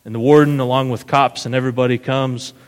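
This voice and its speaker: A man's voice: medium pitch, little pitch movement, quick pace, clean tone. A man giving a sermon as pastor, retelling a story casually and often asking "right?". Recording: long hall reverb.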